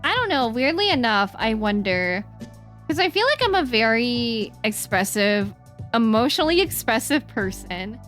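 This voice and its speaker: A woman's voice: a little high, sing-song, moderate pace, a bit bright. A young woman streaming, chatting with her viewers in an earnest way and breaking into playful silly noises. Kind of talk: casual chat with stream chat. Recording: faint music behind the voice.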